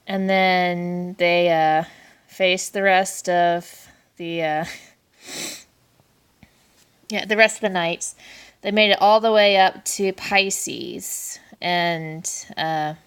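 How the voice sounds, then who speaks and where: A woman's voice: fairly low pitch, drawn-out words, long pauses, fairly bright tone, clean tone. Woman vlog host, casual chatty delivery, gushing with many fillers and giggles. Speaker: anime review vlogger. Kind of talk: casual review chat.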